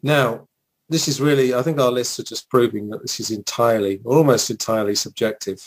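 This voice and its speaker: English guy on a film podcast, mid-pitched, rambly nostalgic storyteller. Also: fairly even intonation, a little fast, low-quality recording. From England. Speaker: podcast co-host. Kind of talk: casual chat.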